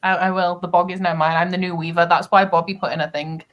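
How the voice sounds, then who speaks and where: A woman's voice: on the low side, flat delivery, quick pace, lo-fi sound. A young woman with a Wigan accent, chatting casually and playfully on a reading stream, laughing often. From North West England. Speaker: co-host of a reading sprint stream. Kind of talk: casual chat.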